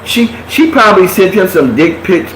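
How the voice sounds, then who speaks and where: A man's voice: high-pitched, moderate pace. A man telling blunt, profane gossip stories in a casual live chat, talking animatedly. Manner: blunt, animated storytelling with lots of cursing. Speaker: live chat show host. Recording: echoey room, faint background hiss.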